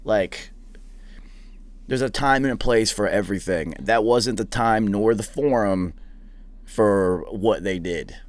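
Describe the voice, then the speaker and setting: A man's voice: fairly low pitch, slow. A young man hosting a podcast, telling profane, rambling anecdotes in a casual chat. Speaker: podcast host. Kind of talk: casual storytelling.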